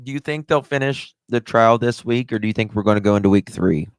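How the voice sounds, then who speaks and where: A man's voice: medium pitch, a little fast, smooth, dry recording. A man hosting a casual livestream, greeting chatters one by one and talking candidly, with some swearing. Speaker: livestream host. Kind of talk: casual live-stream chat.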